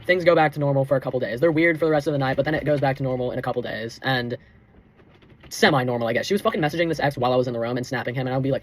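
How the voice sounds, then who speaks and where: Fast-talking teenage boy ranting, heavy swearing. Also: medium pitch. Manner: heated, swears constantly, fillers like "bro" and "dude". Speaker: vlogger. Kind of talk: casual storytime rant.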